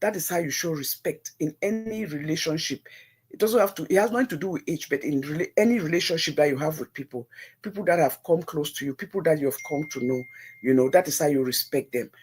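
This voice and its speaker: Speaking quickly in a low, slightly rough, darkish voice, this middle-aged woman with a Nigerian accent gives live viewers casual but preachy, religious guidance. She earnestly says things more than once to drive them home.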